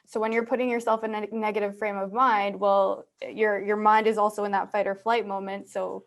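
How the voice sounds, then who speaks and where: A woman's voice: medium pitch, flat delivery, fairly quick, a little hiss or hum. A woman hosting a podcast in casual conversation, speaking fluently in an upbeat, affirming way. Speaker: podcast host.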